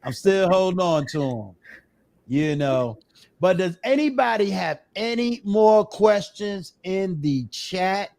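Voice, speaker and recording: Brief: middle-aged male host, slightly high voice, relaxed and filler-heavy. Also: gravelly, dry recording. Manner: relaxed, drawn-out phrasing with many fillers. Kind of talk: casual live-stream chat.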